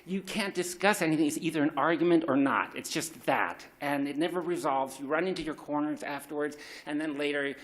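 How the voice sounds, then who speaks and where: A man's voice: a little high, brisk, few pauses, a bit bright. A middle-aged man telling a raw, confessional personal story at a live story slam, swearing freely and restarting his sentences.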